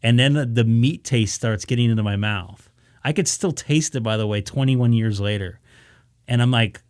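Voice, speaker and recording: A man's voice: medium pitch, moderate pace, dry recording, studio quality. A man on a ham radio live stream, casually telling a story and acting out his own reactions. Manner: animated, acts out his own reactions, many restarts.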